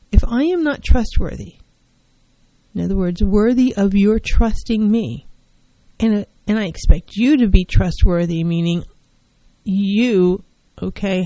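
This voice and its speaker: A woman's voice: mid-range voice, warm tone, no room sound, poor audio. A woman therapist giving an earnest self-help talk on mental health, driving her points home by repeating key phrases.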